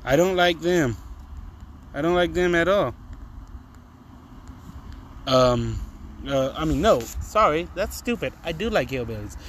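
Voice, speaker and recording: A man's voice: fairly high pitch, expressive, unhurried, long pauses, slight background noise, low-quality recording. Profane rambling male podcaster. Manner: profane, rambling, frequent fillers. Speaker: podcast host. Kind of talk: casual comedic monologue.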